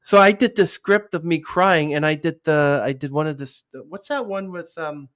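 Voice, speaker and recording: A man's voice: a little high, normal speed, fairly bright tone. A man hosting a casual interview, rambling and hesitant, often trailing off mid-sentence. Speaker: podcast host.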